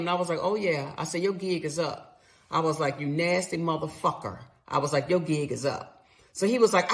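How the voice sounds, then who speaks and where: A woman's voice: deep voice, expressive, a little fast, fairly bright tone. A middle-aged woman telling a personal story in a candid, conversational way, swearing freely as she replays her side of the argument.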